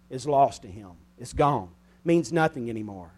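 Forceful preacher man with big swings. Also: a little high, lively intonation. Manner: dynamic preaching, swings from loud emphatic peaks to quiet asides; slows and stresses key phrases. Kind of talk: sermon.

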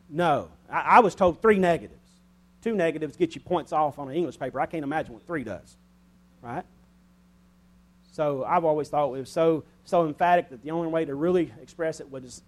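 Forceful preacher man with big swings. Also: on the high side. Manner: dynamic preaching, swings from loud emphatic peaks to quiet asides; slows and stresses key phrases. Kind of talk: sermon.

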